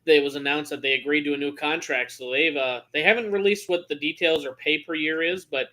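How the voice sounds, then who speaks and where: A man's voice: fairly high pitch, fast, sharp tone. A man co-hosting a sports podcast, chatting casually and joking with frequent restarts. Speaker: podcast co-host.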